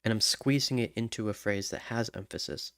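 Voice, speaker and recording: A man writing song lyrics alone, muttering to himself, humming melodies and trying out rhymes, halting as he thinks. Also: lowish voice, fairly bright tone, smooth, dry recording. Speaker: songwriter.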